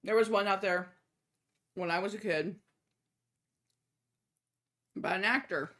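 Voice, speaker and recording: A woman's voice: mid-range voice, slow. A young adult woman streaming a game, chatting casually and telling a joke with lots of laughter and swearing. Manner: laughs often, swears, lively storyteller.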